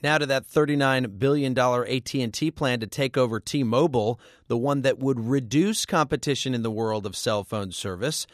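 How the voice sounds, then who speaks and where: A male news anchor reading scripted news and interviewing a correspondent in a brisk, conversational manner. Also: mid-range voice, no echo, studio quality.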